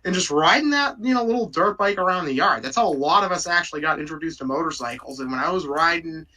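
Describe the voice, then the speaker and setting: A man's voice: on the high side, expressive, fast, pushed and bright. A man enthusiastically telling a nostalgic story in a group video chat. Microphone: video call. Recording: distant from the mic.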